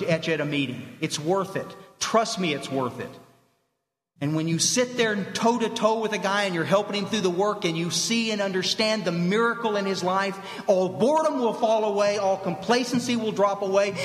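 Man, motivational talk, blunt and animated, high voice, long hall reverb. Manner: animated storytelling, blunt, direct address. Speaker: speaker at a recovery fellowship meeting.

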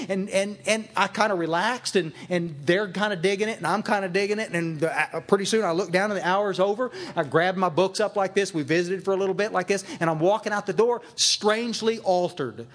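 A middle-aged man telling his own recovery story at a meeting, animated and self-mocking, laughing often and restarting his sentences. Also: high voice. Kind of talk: personal storytelling talk.

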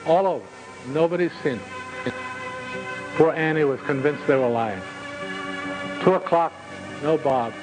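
A man recounting a story in the first person, lingering on dramatic pauses and turning to his listeners with asides. His voice sits a bit high for a man, and soft music plays faintly in the background. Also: poor audio.

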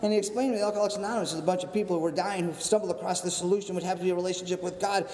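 A man telling his recovery story to a meeting, animated and acting out the voices of others, swinging between excitement and somber reflection. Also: high voice, racing, slight background noise. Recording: echoey hall, long reverb.

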